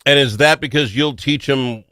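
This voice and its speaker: A man hosting a radio show, chatty and quick to laugh as he asks questions in casual chat. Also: mid-range voice, clean tone, dry recording. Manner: chatty, laughs easily, animated. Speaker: radio host.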